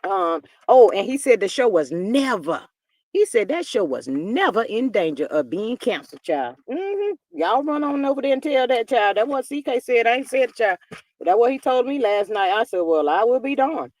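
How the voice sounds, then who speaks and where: A woman's voice: a little high, big pitch swings, moderate pace, a little mellow, dry recording. A woman hosting a casual gossip livestream, reading viewer comments in a chatty, drawling way and calling everyone "child.". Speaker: livestream host reading chat. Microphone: livestream computer mic.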